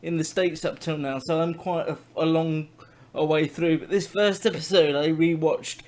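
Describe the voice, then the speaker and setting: An enthusiastic man hosts a casual review chat and pokes fun at himself. His voice sits a little high for a man. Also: steady tone, normal speed, darkish tone. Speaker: podcast host.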